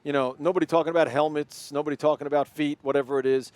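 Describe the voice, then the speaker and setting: A man hosting a sports radio interview at a brisk clip. His voice sits fairly high for a man, and he asks long, rambling questions. He keeps needling his guest with jokes. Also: steady tone, a little mellow, no room sound. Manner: fast, joking, teasing.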